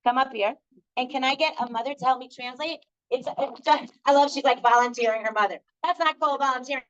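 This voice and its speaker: A woman's voice: sits high, fast, a bit bright. A middle-aged woman leading a live group workshop, telling stories in a chatty way with many fillers. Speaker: workshop leader. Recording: dull lo-fi recording.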